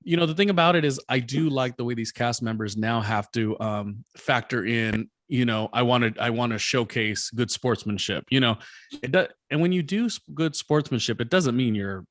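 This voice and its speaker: A man's voice: mid-range voice, normal speed, no room sound, studio quality. Rambling man recapping with lots of ums. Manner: rambling, hesitant with many fillers. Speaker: podcast host. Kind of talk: casual recap chat.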